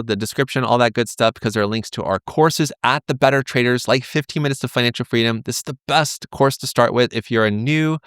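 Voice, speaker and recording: Smooth-voiced man hosting a crypto vlog. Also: medium pitch, fairly bright tone, no echo, clean studio sound. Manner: rambling, self-deprecating, jokey asides. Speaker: crypto trading channel host. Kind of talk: casual chart-analysis vlog.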